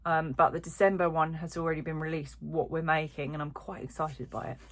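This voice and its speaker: On her crochet vlog, a woman unboxes yarn and chats casually, rambling along with plenty of small asides. Her voice is low and level, fairly quick, with a slightly bright quality.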